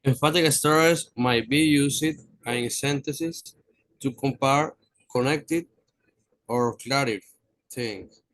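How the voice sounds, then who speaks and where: Halting male student reading. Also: mid-range voice, fairly bright tone. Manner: halting, stumbles over words and repeats corrections. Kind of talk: reading aloud in class. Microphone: video call.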